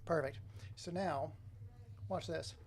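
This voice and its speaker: A man's voice: on the high side, slow pace, a little hiss or hum. A man hosting a casual live stream, chatting to viewers and greeting them by name. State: runny nose. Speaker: livestreamer.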